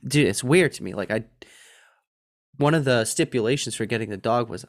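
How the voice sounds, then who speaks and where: A man's voice: medium pitch, animated, normal speed. A man in his thirties chats casually on a podcast, telling a family anecdote and chuckling along the way. His voice sits in an ordinary middle range. He talks loosely, with restarts and asides. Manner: chatty storyteller, laughs through his own anecdote. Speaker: podcast co-host. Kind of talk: casual chat.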